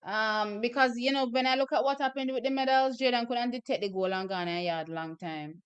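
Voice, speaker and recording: Jamaican woman, live stream host, excitable, smooth and fairly high voice. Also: fairly quick, muffled recording. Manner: chatty, excitable, bursts into shouts and laughter. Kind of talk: live watch-party commentary.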